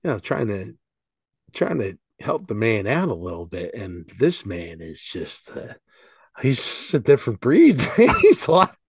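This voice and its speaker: A man's voice: fairly low pitch, big pitch swings, unhurried, darkish tone, slightly rough, dry recording, studio quality. A man in his forties co-hosting a podcast, chatting casually and peppering his talk with "dude" and "like". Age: 40s. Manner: loose and slangy, peppered with "dude" and "like". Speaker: podcast co-host. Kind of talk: casual chat.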